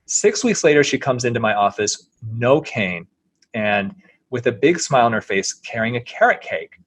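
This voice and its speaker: Middle-aged male surgeon guest, raspy edge, dead-dry recording, animated and sincere anecdotes. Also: mid-range voice, moderate pace, dry recording. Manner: earnest, animated anecdote telling. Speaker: plastic surgeon, interview guest. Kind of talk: storytelling in an interview.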